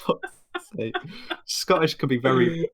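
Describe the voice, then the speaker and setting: A man co-hosting a casual album review podcast, speaking haltingly with fillers. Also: mid-range voice, creaky, over a noisy crowd. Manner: hesitant, halting. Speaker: podcast co-host. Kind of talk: casual banter.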